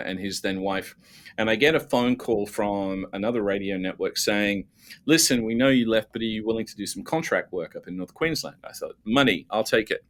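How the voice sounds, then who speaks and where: A man, a guest telling lively, self-mocking stories from his career with many restarts. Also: on the low side. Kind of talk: casual storytelling.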